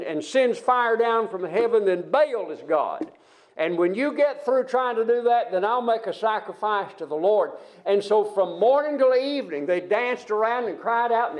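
An older man preaching a sermon, retelling Bible stories in a folksy way with frequent restarts. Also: high-pitched.

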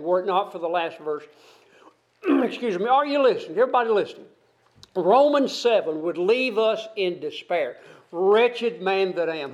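A man's voice: high-pitched, lo-fi sound. A man preaching an expository sermon, reading scripture aloud and explaining it verse by verse, asking his listeners questions. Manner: asks the congregation questions.

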